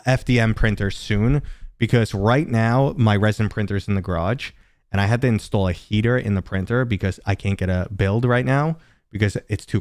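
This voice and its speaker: A man's voice: fairly low pitch, a little mellow, no echo, clean studio sound. A man from New City, chatting casually and joking with viewers while hosting a live stream. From New York City. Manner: rambling, joking, chatty asides to chat.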